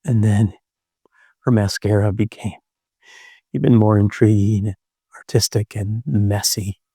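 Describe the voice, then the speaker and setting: Gentle middle-aged man telling a story. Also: lowish voice, steady tone, slightly rough, dry recording, clean studio sound. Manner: gentle, unhurried, with thoughtful pauses. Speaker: storyteller and podcast co-host. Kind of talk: reflective personal storytelling.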